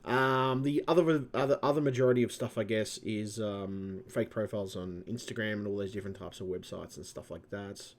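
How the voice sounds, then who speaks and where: A man's voice: fairly low pitch, a little fast, few pauses. A man rambling into his computer mic for a casual vlog, frustrated and swearing constantly, often restarting and trailing off. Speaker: channel host. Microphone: computer mic at home.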